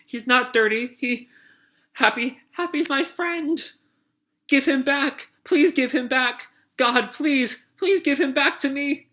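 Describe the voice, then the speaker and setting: A man's voice: slow, sharp tone, full character voice. A man voicing a young girl gunslinger who is tearful and fierce, reading her lines in a raised, pleading voice. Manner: high pleading, near-shrieking cries.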